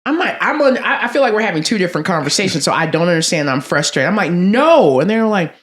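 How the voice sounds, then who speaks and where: A woman in her forties with a lilt, recounting stories as a podcast guest. She talks expressively, leaping up in pitch as she acts out what others said, and laughs often along the way. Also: expressive, rapid-fire. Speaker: guest, athletics director. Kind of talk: animated storytelling in conversation.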